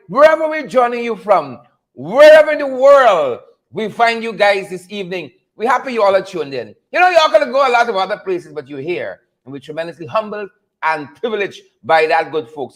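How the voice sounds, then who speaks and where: High-voiced man hyping a live stream. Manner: energetic, hype, calls out viewer names. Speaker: livestream podcast host. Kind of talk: live stream greetings to viewers.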